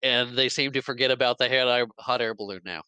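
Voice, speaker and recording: A man's voice: medium pitch, steady tone, fairly quick, bright, forceful tone, clean tone, no room sound, poor audio. A man hosting a podcast, retelling a film's plot in casual chat and acting out its characters' lines with laughs. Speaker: podcast host. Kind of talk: casual movie recap chat.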